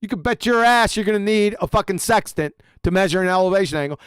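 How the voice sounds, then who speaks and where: Loud, high-voiced, mocking male streamer. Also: fast talker, clear, resonant tone, no room sound, studio quality. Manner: mocking, crude, shouting in outbursts. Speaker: livestream host. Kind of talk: profane livestream commentary.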